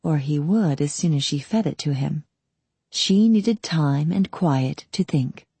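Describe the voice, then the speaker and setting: A woman narrating an audiobook in a calm, steady storytelling manner. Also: sits low, unhurried, husky, dry recording. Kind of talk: scripted narration.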